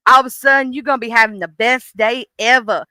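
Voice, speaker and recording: A woman's voice: on the high side, steady tone, fast talker, bright, forceful tone, no echo, clean studio sound. A woman voicing depression as a spiteful female figure who sneers about ambushing you.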